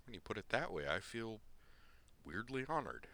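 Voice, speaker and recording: Man doing a tough young woman, wry, offhand, pitched up high, storybook. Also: sing-song, normal speed, bright, forceful tone, full character voice.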